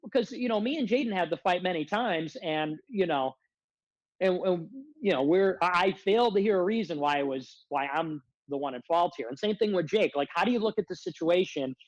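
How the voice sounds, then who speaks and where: A man's voice: high-pitched, expressive, fairly quick, no room sound, muffled recording. A man ranting as a guest on a livestream, confrontational and self-described as a hothead, repeatedly demanding answers. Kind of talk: heated casual rant.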